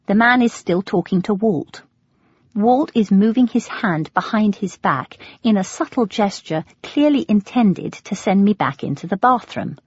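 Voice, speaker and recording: A woman with an English accent reading a first-person audiobook in a wry, expressive way. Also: medium pitch, unhurried, husky, no room sound. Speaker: audiobook narrator. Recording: dull lo-fi audio.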